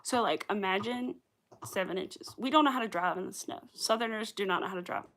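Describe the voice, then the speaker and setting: A young Southern US woman with a light Southern accent hosts a crochet livestream, chatting casually with viewers. Her mid-range voice is a little fast and a bit bright, and she rambles and laughs often.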